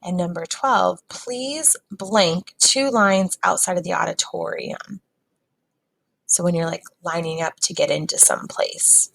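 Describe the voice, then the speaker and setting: A woman teacher giving a recorded phonics lesson to young students, patient and sounding words out slowly. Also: lowish voice, creaky, fairly bright tone, no echo, poor audio.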